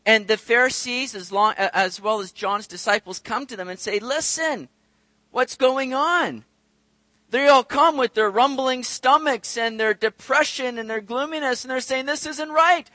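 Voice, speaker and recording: Male pastor, sermon, animated, acts out voices, high bright tone. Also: moderate pace, hardly any pauses, no room sound. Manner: animated, acts out quoted voices, addresses congregation directly.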